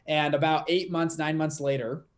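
A young man in his twenties, a podcast guest telling his story in a lively, quick, laughing way. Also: on the high side. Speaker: podcast guest, fund manager. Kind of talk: casual storytelling interview.

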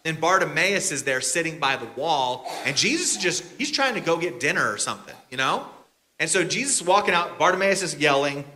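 Bright-voiced male pastor telling a story. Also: fairly high pitch, expressive, fairly quick. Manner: casual, chatty, bantering with the congregation. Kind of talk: storytelling sermon.

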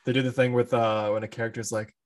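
A man's voice: mid-range voice, level tone, quick pace. A man co-hosting a casual movie podcast, laid-back, often answering with short agreeing remarks. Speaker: podcast co-host.

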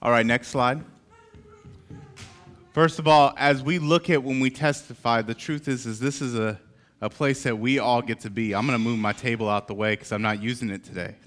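A man preaching to his congregation in a lively, energetic way. His voice is middle in pitch and spirited. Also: moderate pace, soft background music. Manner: lively, calling out cheers. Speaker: pastor. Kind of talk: sermon.

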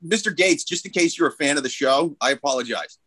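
A man's voice: a little high, lively intonation, brisk, sharp tone, husky, no room sound, rough recording. Teasing, blunt male comedian co-host. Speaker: podcast co-host, stand-up comedian. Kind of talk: casual comedic chat.

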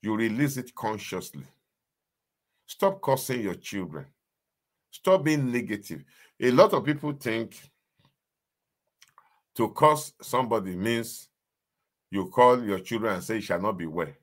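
A man's voice: mid-range voice, lively intonation, a little slow, pauses often. A man, preaching a sermon as a pastor in an emphatic, repetitive style that keeps asking the listeners if they understand. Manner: emphatic, repetitive preaching with call-and-response questions.

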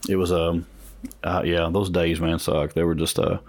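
A man hosting a casual podcast chat from a room at home with big windows, telling stories in an animated, self-mocking way. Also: low-pitched, moderate pace. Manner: animated storytelling with laughs and self-mockery. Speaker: podcast host. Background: passing traffic and children audible.

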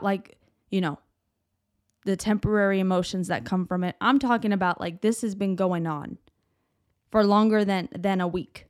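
A young woman talks through a casual faith podcast in a middle-pitched voice, recorded close and dry. She rambles and repeats herself, and she leans on "like" and "you know.". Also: no echo. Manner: rambling, repeats words, many "like" and "you know", laughs often. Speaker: podcast host.

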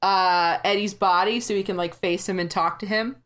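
A woman's voice: mid-range voice, steady tone, moderate pace, a bit bright. A woman co-hosting a podcast, chatting casually through a movie recap and laughing often. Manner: laughs often, acts out quotes. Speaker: podcast co-host.

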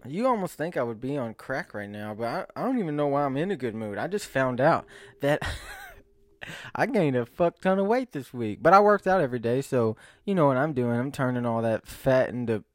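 A man's voice: medium pitch, lively intonation, normal speed, dry recording. A young man vlogging to camera in a rambling, self-mocking monologue, often breaking into laughs and sighs.

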